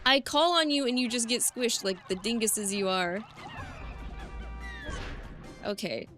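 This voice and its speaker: A young woman streaming a game live, commenting in an excitable way, often yelling, swearing and laughing at the screen. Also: a little high, measured pace, music in the background. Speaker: VTuber streamer.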